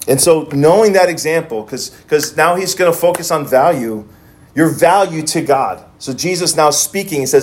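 A man's voice: a little high, animated, moderate pace. A male pastor telling a story in a sermon, with many restarts as he retells it.

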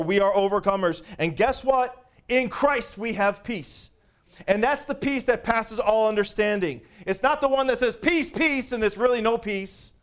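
Man, pastor, sermon, high voice, loud-to-hushed swings, chuckling.

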